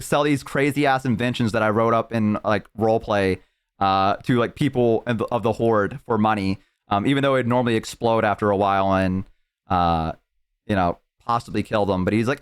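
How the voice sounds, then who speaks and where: A male streamer in casual chat, his voice smooth and clear at an ordinary middle pitch. He rambles along, drifting from one tangent into the next as he talks. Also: normal speed. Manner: rambling, tangent-prone storyteller.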